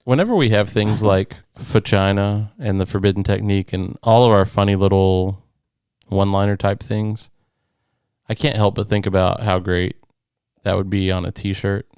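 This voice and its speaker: Young guy cohosting a podcast, wry quips, lowish voice, dry close sound. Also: fairly even intonation, moderate pace, darkish tone, smooth, no room sound. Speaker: podcast co-host. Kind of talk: casual chat.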